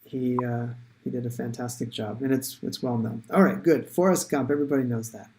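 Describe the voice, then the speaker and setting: A man's voice: medium pitch, steady tone, brisk, warm tone. A man teaching English in a live online lesson, chatty and encouraging, thinking aloud with many fillers.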